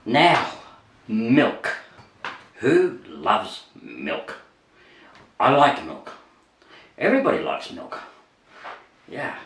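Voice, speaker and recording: Rambling Australian man, slow and bright. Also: medium pitch, wildly swooping pitch, slight background noise. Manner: rambling, chuckles often, loses his thread. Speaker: vlogger. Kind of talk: casual chat to camera.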